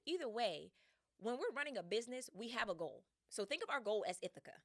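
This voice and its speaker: A woman hosting a podcast, retelling a story in a slangy, laughing, animated way. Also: fairly high pitch, brisk, no room sound, clean studio sound. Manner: slangy, laughing, acts out voices in quotes. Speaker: podcast host.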